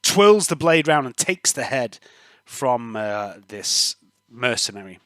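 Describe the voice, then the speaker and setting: A man, narrating a tabletop game as game master, relaxed and trailing off with ums. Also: medium pitch, slow, no echo.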